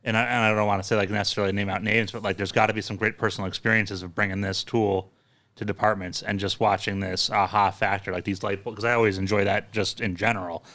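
Man, lowish pitch, bright tense tone, rambling host questions. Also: little pitch movement, fast talker. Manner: rambling, loose phrasing full of restarts and "like". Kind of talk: casual interview questions.

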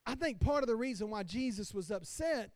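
A man's voice: sits high, animated, fairly quick, a little mellow, dry recording, studio quality. A male pastor preaching a sermon with passion, calling out questions to the congregation. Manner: impassioned preaching with call-and-response.

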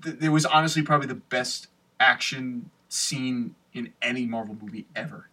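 A man's voice: medium pitch, normal speed, sharp tone, husky, recorded from a distance. A young man in casual chat, enthusing loosely with swearing and repeated words.

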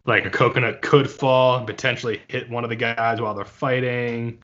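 A man's voice: medium pitch, flat delivery, fairly quick, fairly bright tone, dull audio. A man co-hosting a casual podcast chat, playfully spinning wild hypotheticals. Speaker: podcast co-host.

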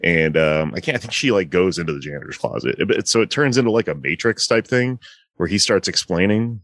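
This man's low-pitched voice is expressive, a bit bright, and a little fast, recorded at studio quality with no room sound. In casual chat, he retells a movie plot to a friend, rambling with many fillers and acting out the quotes.

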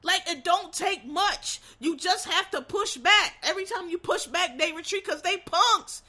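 A woman's voice: extremely high pitch, unhurried, sharp tone. An American woman in a casual, heated rant, blunt and swearing constantly. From United States.

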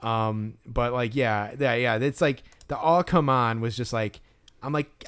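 A man's voice: mid-range voice, steady tone, a little slow, fairly bright tone, smooth. A man co-hosting a podcast, telling a story in casual chat with lots of fillers and restarts. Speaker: podcast co-host.

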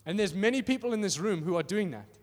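High-voiced man preaching in a hall. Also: fast talker. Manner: animated and conversational, acting out little voices, asks "are you with me?". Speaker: pastor. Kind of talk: sermon. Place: church hall. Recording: reverberant hall.

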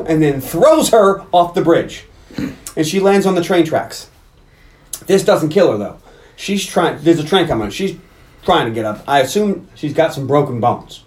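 Animated man recapping a movie. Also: fairly high pitch, moderate pace. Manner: retells scenes acting out lines in character voices. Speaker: podcast co-host. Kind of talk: casual movie recap chat.

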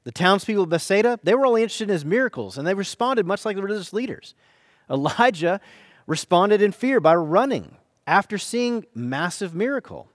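An American man preaches a sermon in a somewhat high voice, leaning into key phrases and slowing down to stress them. The sound is dry and close, with no room around him. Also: very animated, dry recording. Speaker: pastor.

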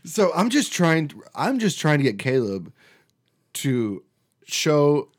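Speaking slowly in a fairly high, breathy-edged voice, a male host tells a story during a casual chat. He's animated, swears freely, and keeps restarting his sentences.

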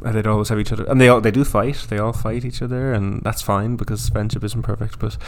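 A man in casual podcast chat with a low, gravelly voice. He talks with enthusiasm and trips over his words, restarting sentences as his thoughts race ahead. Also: fairly even intonation, quick pace.

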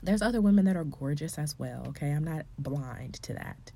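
A low-pitched woman speaks to other women like a coach giving a faith-filled pep talk. Her voice is mellow and a little husky, often dropping to a hushed, breathy tone. Then it climbs into loud, emphatic exclamations. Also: animated, moderate pace.

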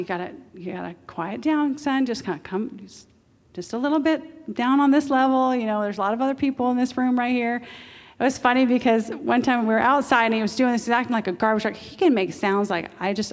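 A middle-aged woman preaching a sermon, animated, jumping between loud exclamations and hushed asides. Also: a little high. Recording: long hall reverb.

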